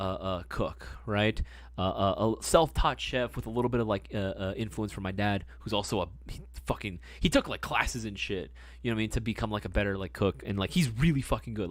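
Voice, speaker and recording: A man's voice: medium pitch, dry recording, clean studio sound. Foul-mouthed rambling male streamer. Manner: profane, rambling storyteller; excitable, gushing about hobbies. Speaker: livestream host. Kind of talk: casual livestream chat.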